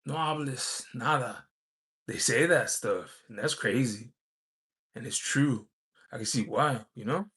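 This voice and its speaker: A man's voice: mid-range voice, unhurried, a bit bright, slightly rough. A man vlogging, telling a personal story in a rambling, casual way, with many fillers and restarts.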